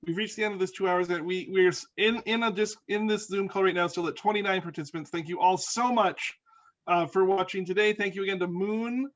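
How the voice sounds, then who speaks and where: A man hosting a live Q&A, talking in a relaxed, slightly fumbling way over a video call. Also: high-pitched, brisk. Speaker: host, moderator. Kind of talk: wrapping up a live Q&A. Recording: dull lo-fi video call audio.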